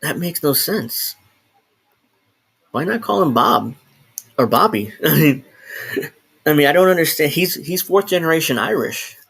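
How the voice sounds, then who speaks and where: A man's voice: fairly high pitch, animated, measured pace, vocal fry, pauses often, fairly bright tone, breathy edge. Rambling man talking to a live stream. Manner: rambling, self-interrupting, swears and laughs. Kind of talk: casual solo live stream. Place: home, in New Jersey.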